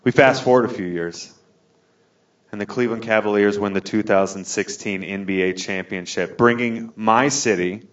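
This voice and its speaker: Rambling stand-up comedian, dull lo-fi sound. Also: male voice, fairly low pitch, moderate pace. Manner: rambling, self-deprecating storytelling that builds to drunken yelling. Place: bar with a live audience.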